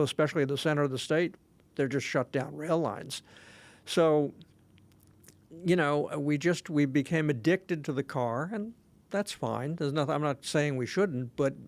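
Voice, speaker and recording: Chatty man with a higher voice. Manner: rambling, many fillers and restarts. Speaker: podcast co-host. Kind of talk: casual conversational chat.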